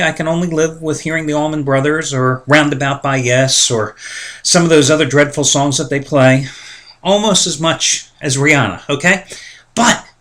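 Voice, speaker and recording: A man talks in a loose, opinionated daily monologue, full of asides and complaints. His voice is bright and forceful, sitting a little high for a man. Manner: chatty, opinionated ranting with asides. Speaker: sports betting site host. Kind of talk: casual monologue.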